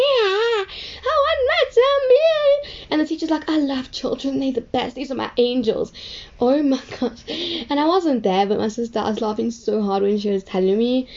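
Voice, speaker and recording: A woman's voice: mid-range voice, warm tone, highs cut off. A woman telling a rambling, chatty story full of "like". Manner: rambling, chatty, heavy use of "like". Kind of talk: casual storytelling.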